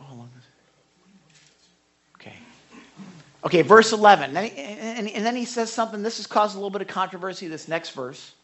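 A man with a fairly high voice preaching a Bible sermon. His delivery is casual and talky, with sudden lively bursts when he acts out what someone might say. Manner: conversational, animated when acting out quotes. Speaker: pastor.

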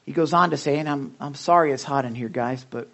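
Animated man preaching a sermon. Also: medium pitch, fairly quick, gravelly. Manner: animated, conversational preaching with asides and jokes. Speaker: pastor. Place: hot church room.

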